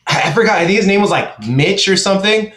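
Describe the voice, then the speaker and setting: A man's voice: high-pitched, fast, a bit bright, roomy sound. A man co-hosting a podcast in casual chat, telling stories animatedly and swearing freely. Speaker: podcast co-host.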